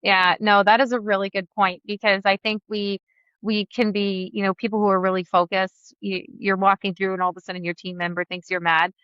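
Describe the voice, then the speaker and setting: A woman's voice: mid-range voice, little pitch movement, fairly quick, clear, resonant tone, no echo, highs cut off. A woman facilitator speaking as a podcast guest, earnest and reflective, sharing personal examples. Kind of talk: conversational interview.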